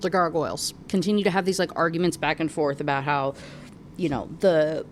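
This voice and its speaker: A woman's voice: low-pitched, brisk, slight background noise. Chatty young woman recapping a book. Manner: animated, lots of filler "like". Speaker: book reviewer.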